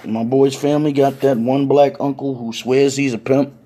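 A husky-voiced man tells a story in laid-back, profane street slang. His voice sits mid-range. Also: medium pitch, fairly even intonation, normal speed, warm tone. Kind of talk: casual comedic storytime.

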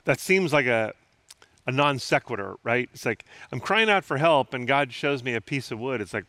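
A man's voice: medium pitch, animated, moderate pace, sharp tone, no room sound. A man preaching a sermon in an earnest, conversational way, asking his listeners rhetorical questions. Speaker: pastor.

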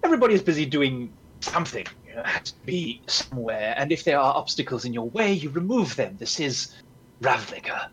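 A smooth, scheming advocate, as a man puts him on, speaks slowly and calmly in a haughty, measured way in a fantasy game. His voice sits at an ordinary middle pitch. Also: a little hiss or hum, poor audio. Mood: smug, calm. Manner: calm, measured, condescending.

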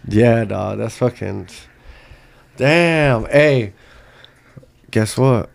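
A man's voice: mid-range voice, drawn-out words, creaky. A man joking and laughing through casual slang-filled banter on a podcast. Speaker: podcast co-host.

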